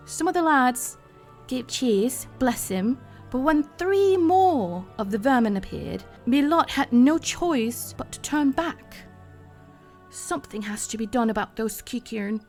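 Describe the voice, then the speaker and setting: A woman voicing a rough-spoken female chocobo wrangler in a rustic folksy dialect, over game music. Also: high voice, pitched above the performer's own voice.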